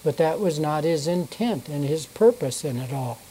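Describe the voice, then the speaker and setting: A Bible teacher reading scripture aloud and then explaining it, unhurried, stopping to check notes and correct themself. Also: mid-range voice, expressive, mellow, slight background noise, poor audio.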